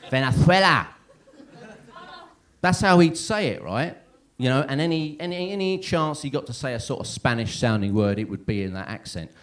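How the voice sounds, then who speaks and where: Lively, rambling man in his thirties. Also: mid-range voice, fairly quick, hardly any pauses. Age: 30s. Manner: rambling, self-deprecating, lots of "right?" and "yeah?". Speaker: stand-up comedian. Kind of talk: stand-up comedy set. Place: comedy club stage.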